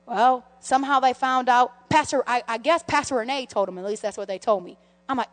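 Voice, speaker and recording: A middle-aged woman pastor telling personal stories in a sermon, animated and full of restarts, calling her listeners friends. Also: on the high side, fairly quick. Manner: animated storytelling, many restarts, addresses the congregation as friends. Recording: long hall reverb.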